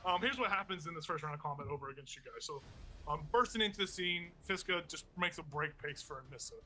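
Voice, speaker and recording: A man's voice: fairly high pitch, fast, sharp tone, soft background music. A man acting as game master, explaining the rules at length with many fillers. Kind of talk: running a tabletop game.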